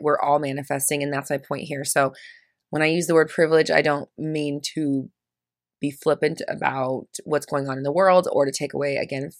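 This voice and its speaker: Woman host, casual monologue, low gravelly voice with fry, sarcastic edge, dry close sound. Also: no echo. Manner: chatty, swears casually; teasing, sarcastic asides. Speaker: podcast host. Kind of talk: casual spiritual talk monologue.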